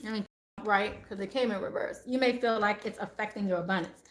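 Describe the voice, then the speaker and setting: A middle-aged woman giving live tarot advice, animated and exclaiming, often repeating her phrases. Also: fairly high pitch. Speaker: tarot reader.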